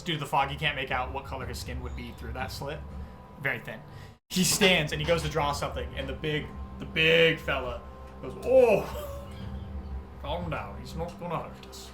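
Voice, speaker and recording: An animated young man runs a tabletop game, rambling through his scene descriptions with plenty of fillers. His voice sits a bit high for a man. Music plays clearly underneath him. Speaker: game master.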